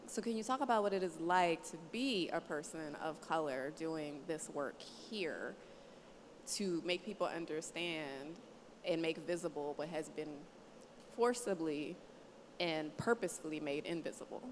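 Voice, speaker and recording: A woman from the American South moderating a panel discussion, animated and laughing, often acting out other people's voices. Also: sits low, unhurried. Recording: hall reverb, faint noise.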